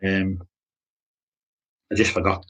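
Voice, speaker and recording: A man giving an informal sermon, halting with many restarts and repeated words. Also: low voice, monotone, fairly bright tone. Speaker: pastor.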